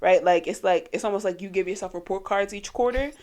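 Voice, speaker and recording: A young adult woman co-hosting a podcast in casual chat, animated, laughing often and acting out her friend's lines. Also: medium pitch, brisk. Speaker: podcast co-host.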